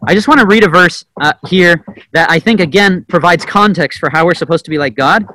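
A young adult man giving a conversational sermon, often asking "right?" and acting out quotes with sudden loud bursts. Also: sits high, fairly quick, a little hiss or hum, poor audio. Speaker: preacher. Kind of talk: informal sermon teaching.

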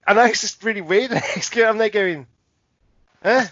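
A man's voice: high-pitched, normal speed, fairly bright tone, dry recording, muffled recording. Male podcast co-host, rambling swearing storyteller, dry room. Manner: rambling anecdote, frequent laughter and swearing. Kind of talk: casual chat.

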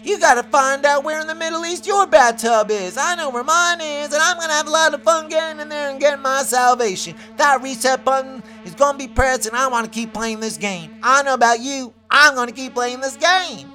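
High, bright-voiced ranting woman host. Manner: rambling, excitable, repeats herself. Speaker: host of her own show. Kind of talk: comedic ranting monologue.

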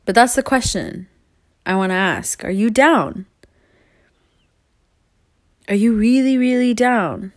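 A woman's voice: a little high, slow, pauses often, no echo, studio quality. A young woman talking straight to her viewers in a rambling, earnest way, laughing often and swearing casually. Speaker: vlogger.

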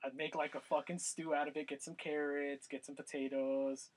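Guy on a podcast, kinda husky, higher voice, cracks himself up telling crude stories. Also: moderate pace, rough recording. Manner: crude, laughing, animated storytelling. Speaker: podcast co-host. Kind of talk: casual chat.

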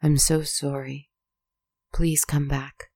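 A hushed, remorseful young woman, as a storyteller voices her in a storybook reading. She speaks softly and flatly, with a slightly creaky edge. The sound is dry and close. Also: mid-range voice, slow, no echo. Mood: pleading. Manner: soft, pleading, hushed.

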